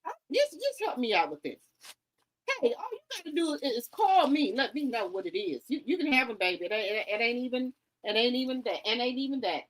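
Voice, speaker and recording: A woman's voice: on the high side, sing-song, fairly quick. A woman in her fifties ranting to camera, rambling and hollering, tagging on "okay?" and "baby". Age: 50s.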